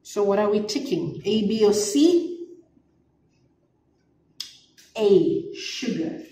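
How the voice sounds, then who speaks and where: A woman teaches English at a deliberate pace, her pitch swinging widely as she acts out dialogue. The sound is echoey and a bit distant, with faint room ambience. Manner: slow, expressive, acting out dialogue lines. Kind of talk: online English lesson.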